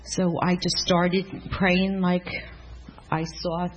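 A woman's voice: on the low side, little pitch movement, slow pace, highs cut off, slight background noise. A woman giving a casual spoken testimony in a church class, rambling and earnest with many restarts.

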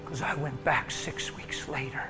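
A male preacher telling a healing story in a sermon, dropping to whispers and rising to loud bursts. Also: fairly high pitch, normal speed. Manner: swings from hushed whispers to loud exclamations. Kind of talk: sermon testimony. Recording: music playing underneath.

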